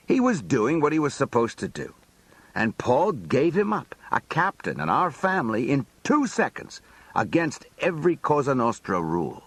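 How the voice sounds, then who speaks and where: Male memoir narrator, husky, animated, streetwise. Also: mid-range voice, no room sound. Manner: colloquial, streetwise storytelling. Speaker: audiobook narrator. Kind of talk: first-person memoir narration.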